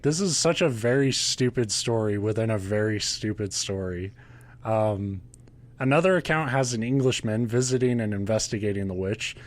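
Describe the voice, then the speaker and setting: A man hosting a podcast, retelling a ghost legend in casual chat with a sarcastic, profane manner and frequent laughs. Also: mid-range voice. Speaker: podcast host.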